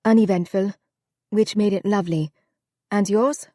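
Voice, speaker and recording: A woman narrator voicing a polished, nervous young Parisian woman with a Parisian French accent, talking quick and light. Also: medium pitch, steady tone, dark tone, dry recording, studio quality, natural voice. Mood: polite. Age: young adult.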